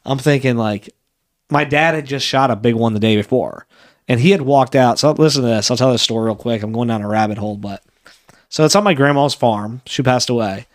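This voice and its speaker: A man's voice: mid-range voice, brisk. A man in his thirties, a podcast co-host, telling a story in casual chat and acting out the voices he quotes. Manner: animated, acts out quoted voices.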